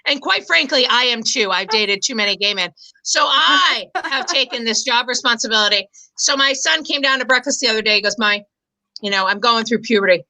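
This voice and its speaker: A woman in her forties performing stand-up, her voice pitched high and very bright. She talks in a self-deprecating way, stumbling through fillers and restarts as she builds toward each punchline. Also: animated, a little fast, creaky, poor audio. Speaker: stand-up comedian. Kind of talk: stand-up comedy set.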